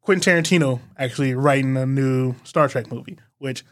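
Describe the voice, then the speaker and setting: A man's voice: mid-range voice, brisk. A man co-hosting a podcast, teasing his co-host and arguing fan trivia in casual chat.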